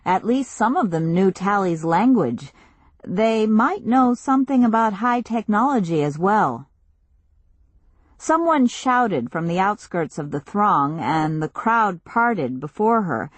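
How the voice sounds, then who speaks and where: Close-miked and free of echo, a woman with a lowish voice narrates a novel for an audiobook. She reads the script in an even, measured storytelling manner.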